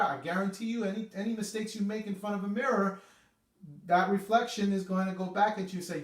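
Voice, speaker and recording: A man's voice: sits high, fairly even intonation, a little fast. A man teaching a casual music lesson on conducting, chatty and repetitive, often checking in with "okay". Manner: chatty, repeats itself, says okay often. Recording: echoey room, mic at a distance.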